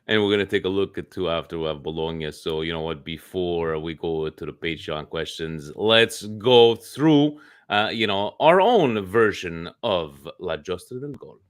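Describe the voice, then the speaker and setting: Deep-voiced man co-hosting a football podcast. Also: normal speed, hardly any pauses, smooth, no echo, clean studio sound. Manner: animated, swears freely. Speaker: podcast co-host. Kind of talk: casual sports talk.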